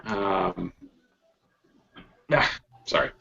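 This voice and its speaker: A man's voice: low voice, very slow, gravelly, sharp tone. A man narrating a tabletop role-play as game master, laughing often and talking with many fillers. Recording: dull lo-fi mic with faint noise.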